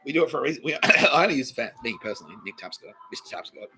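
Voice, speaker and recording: Lively-pitched Australian man, profane comic rambler. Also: rapid-fire, soft background music, poor audio. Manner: profane, laughs mid-sentence, restarts often. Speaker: comedy podcast host.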